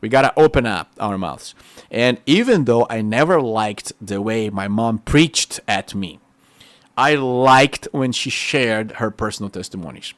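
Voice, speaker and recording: A preacher who is a native Portuguese speaker with a Brazilian accent gives a testimony sermon, telling it in an excitable, animated way. His voice is medium-pitched and measured in pace, with no echo.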